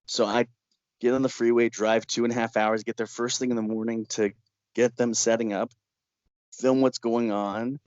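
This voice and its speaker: A man in an interview, telling a story as a documentary filmmaker, rambling with fillers and quick chuckles. His voice sits in a middle pitch. The recording is dry and a little dull and lo-fi. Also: flat delivery, darkish tone, no echo. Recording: dry, slightly dull lo-fi sound.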